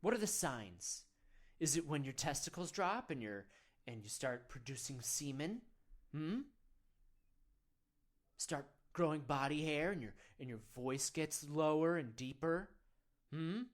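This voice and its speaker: A man's voice: fairly high pitch, animated, unhurried, long pauses. A man playing a self-serious male men's-wellness guru, leading a parody of a guided meditation in an earnest, coaxing, rambling way.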